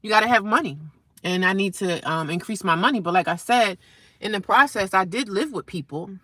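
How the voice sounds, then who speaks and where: A woman's voice: medium pitch, lively intonation, brisk, pushed and bright, dry recording. A woman vlogger talking casually to the camera in a frank, emphatic, motivational way. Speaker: vlogger living in a shelter.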